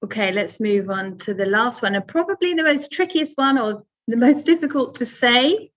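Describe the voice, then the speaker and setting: A woman's voice: fairly high pitch, animated, normal speed, highs cut off. A woman teaching English pronunciation in a webinar, patient and step by step, with many fillers. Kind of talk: webinar lesson.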